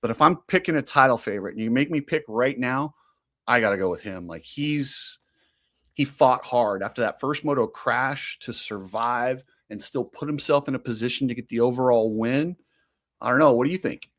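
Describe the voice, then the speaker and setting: A man co-hosting a casual motocross talk show, opinionated and quick to laugh. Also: medium pitch, a bit bright. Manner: chatty, opinionated, laughs easily. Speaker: podcast co-host.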